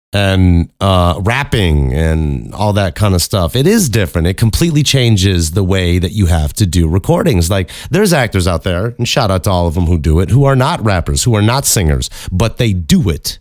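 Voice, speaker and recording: Male podcast host, deep voice, dry booth sound, loose swearing ramble. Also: darkish tone, dry recording. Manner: candid, profane, rambling with frequent restarts. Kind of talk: casual solo podcast talk.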